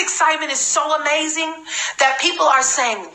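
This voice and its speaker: A woman giving an energetic, emphatic live-streamed sales training talk as a network marketing trainer. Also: sits high, a little fast, roomy sound, low-quality recording. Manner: energetic, emphatic, repeats for stress.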